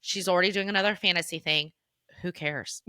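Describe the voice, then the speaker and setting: Young woman co-host, bright and eager, dry close sound. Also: fairly low pitch, brisk, clear, resonant tone, no room sound. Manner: enthusiastic, swears casually. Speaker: podcast co-host. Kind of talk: casual book chat.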